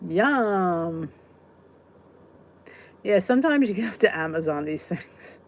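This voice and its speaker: A woman's voice: on the low side, lively intonation, takes it slowly. A woman hosting a casual live weight-loss chat, answering viewer comments in a chatty, giggly way. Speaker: weight-loss vlog host.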